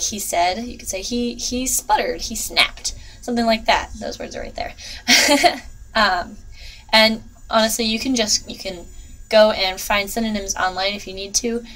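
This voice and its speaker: A woman's voice: mid-range voice, fairly bright tone, poor audio. A young woman giving a casual writing tutorial, chatty and full of ums and uhs.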